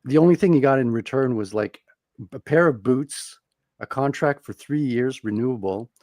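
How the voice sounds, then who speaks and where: A man's voice: mid-range voice, normal speed, darkish tone, dry recording, clean studio sound. A French Canadian man telling stories in a casual podcast chat, earnest and explanatory. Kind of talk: casual storytelling.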